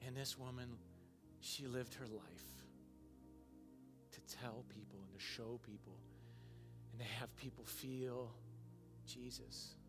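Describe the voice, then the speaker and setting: A male pastor preaching a sermon, moving from quiet, emotional passages to loud, emphatic ones. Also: medium pitch, slow pace, long pauses, over music. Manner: emotional, swings from soft and hushed to loud and emphatic.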